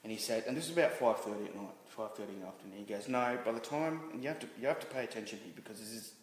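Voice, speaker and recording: A man being interviewed as a guest, telling a personal story candidly, halting and restarting with many fillers. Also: fairly low pitch. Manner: halting, frequent restarts and "you know" fillers. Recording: roomy reverberant room with faint noise.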